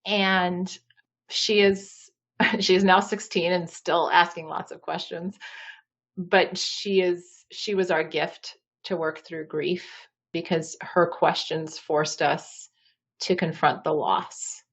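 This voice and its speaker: A woman's voice: on the low side, fairly even intonation, slow, dull audio. A woman in her forties, a marriage coach and podcast guest, telling personal stories candidly with many fillers. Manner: candid, uses many fillers like "you know". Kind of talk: podcast interview storytelling.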